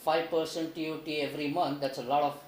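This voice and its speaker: A man's voice: on the high side, little pitch movement, quick pace, echoey room, a little hiss or hum, rough recording. A man co-hosting a live TV talk show, reading out viewer questions and adding dry, wry remarks.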